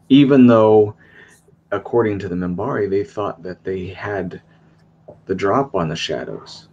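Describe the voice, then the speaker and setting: A man's voice: fairly low pitch, measured pace, darkish tone. A man in a casual discussion, speaking emphatically and asking long, winding questions. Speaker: guest discussing with a panel. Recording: dull lo-fi line with faint noise.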